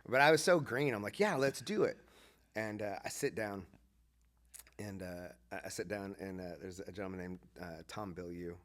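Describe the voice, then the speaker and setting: A man's voice: deep voice, normal speed. A man, a former pastor, telling a story in a casual podcast conversation and acting out the lines of the people in it. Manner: animated, acts out quoted dialogue.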